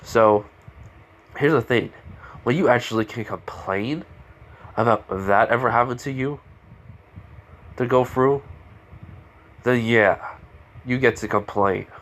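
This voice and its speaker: A man's voice: mid-range voice, slow, long pauses, fairly bright tone. A man casually improvising a fan story, rambling with lots of fillers and restarts.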